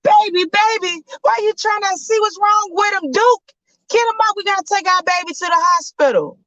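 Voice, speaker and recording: A woman's voice: very high-pitched, normal speed, fairly bright tone, no room sound, voice pushed up. An urgent, fussing mother, voiced by a woman storyteller, pressing her words out in worry. The sound is dry and a bit lo-fi. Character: worried, fussing mother of a young boy. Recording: dull lo-fi sound.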